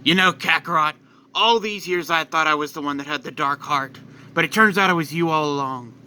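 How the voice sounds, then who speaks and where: A man's voice: fairly high pitch, brisk, pushed and bright, slight background noise. A man voicing a proud, stern alien prince who speaks with grudging respect to his rival.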